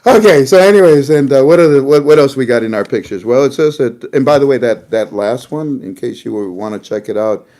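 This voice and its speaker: A man hosts an online show and talks his viewers through the news in a loose, chatty way, laughing often. His voice swings widely up and down, sitting at a middle pitch. He addresses his audience like family. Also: expressive, brisk, few pauses, mellow. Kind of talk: casual commentary to viewers.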